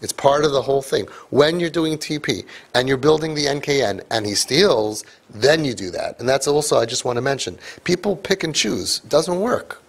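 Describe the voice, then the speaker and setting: Man, parenting coach, live seminar talk, husky, joking asides. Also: mid-range voice. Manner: animated, joking, quick asides to the audience.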